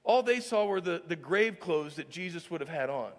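A man's voice: on the high side, animated, moderate pace, long reverb tail. A man preaching a sermon as pastor, joking with the congregation and often asking "all right?". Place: church sanctuary.

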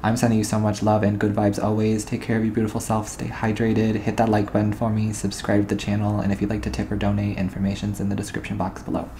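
A man's voice: lowish voice, completely flat delivery, fast talker, hardly any pauses, mellow, a little hiss or hum. A man doing a tarot reading to camera, rambling and intuitive, often checking in with "okay?" and "all right?". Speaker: tarot reader.

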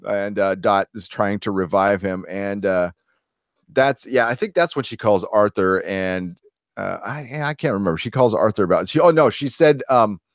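A man's voice: on the low side, dry recording, studio quality. Chatty man retelling scenes with laughs. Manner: animated retelling, acts out lines with quick impressions, frequent laughs and fillers. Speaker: podcast co-host. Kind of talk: casual review chat.

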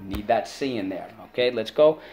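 A male teacher giving a children's spelling and vocabulary lesson, upbeat, drilling each word syllable by syllable and pausing for the class to repeat. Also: lowish voice, darkish tone, faint music behind.

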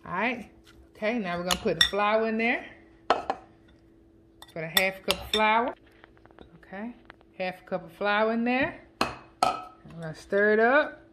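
A chatty woman talks through a recipe in her home kitchen, counting out shakes of seasoning and joking with her family as she works. Her voice sits at an everyday middle pitch, and dishes and utensils clatter clearly around her. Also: unhurried, pauses often, background noise. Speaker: home cooking vlogger. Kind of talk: casual cooking chat.

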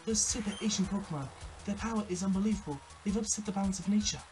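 A gamer voicing a stern, urgent male rival leader while reading game dialogue aloud a little higher than usual. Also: fast, darkish tone, faint music behind, natural voice, poor audio.

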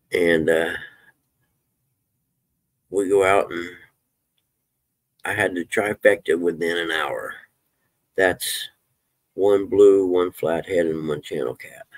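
Brief: low-voiced man, relaxed folksy live-stream chatter, dry close sound. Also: creaky, breathy edge, no room sound. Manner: folksy, swears when fired up. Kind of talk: casual live-stream chat.

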